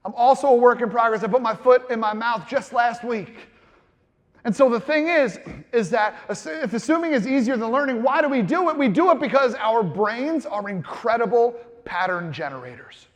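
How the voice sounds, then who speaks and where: A man's voice: very high-pitched, long reverb tail. A man in his thirties giving a comedic motivational keynote speech, playful and self-deprecating, acting out little voices. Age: 30s. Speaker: keynote speaker. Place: large conference hall with audience.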